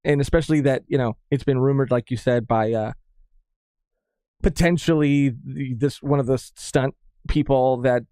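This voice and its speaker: A man's voice: mid-range voice, steady tone, moderate pace, dark tone, dry recording, clean studio sound. A man co-hosting a casual live podcast, upbeat, laughing often and reading chat comments aloud. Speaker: podcast co-host.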